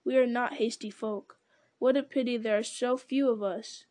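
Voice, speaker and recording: A woman voicing an ancient, slow and grave male tree-giant in a storybook reading, speaking in a solemn, deliberate way. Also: on the high side, steady tone, darkish tone, no echo, close to an everyday voice.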